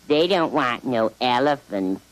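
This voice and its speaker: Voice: medium pitch, expressive, unhurried, very noisy, close to an everyday voice. A performer voicing a matter-of-fact jungle animal friend in a 1950s cartoon. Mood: blunt.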